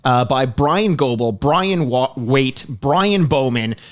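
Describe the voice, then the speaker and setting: A man's voice: medium pitch, lively intonation, takes it slowly. A man hosting a retro game podcast, telling stories in a rambling casual way with many restarts. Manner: rambling storyteller with stammered restarts. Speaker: podcast host. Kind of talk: casual chat.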